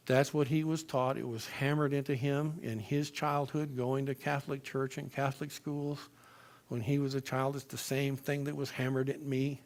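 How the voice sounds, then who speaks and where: A man from Florida telling his personal testimony in church, in an animated, emphatic storytelling manner. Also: medium pitch, moderate pace.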